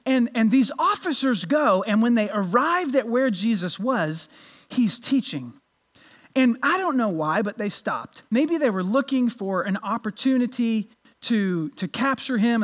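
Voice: mid-range voice, lively intonation, normal speed. Pastor, sermon delivery, earnest, stumbles and restarts, rhetorical.

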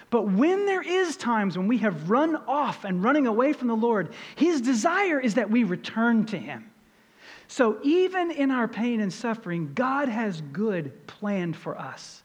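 A middle-aged man preaching a sermon as pastor, earnest and storytelling, rising in pitch and volume for emphasis. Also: in a large hall.

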